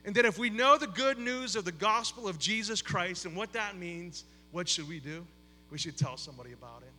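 A man's voice: high-pitched, expressive, fairly quick, bright, forceful tone, big-room sound. A man who is a campus pastor, giving a conversational sermon with an opening prayer, talking with many fillers and repeated words in a church sanctuary.

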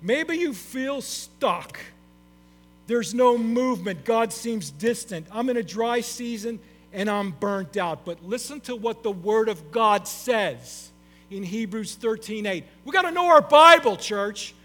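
A man's voice: high-pitched, slow pace. A middle-aged man preaching a sermon to his congregation, emphatic and repeating his key phrases. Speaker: pastor. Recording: long hall reverb with faint mains hum.

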